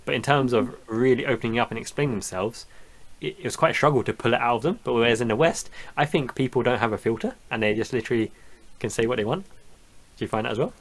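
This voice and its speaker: A man hosts a podcast in easy, casual conversation. His voice sits at an ordinary middle pitch. He talks in long, winding explanations and laughs often. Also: fast talker. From United Kingdom. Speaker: podcast host. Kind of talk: casual chat.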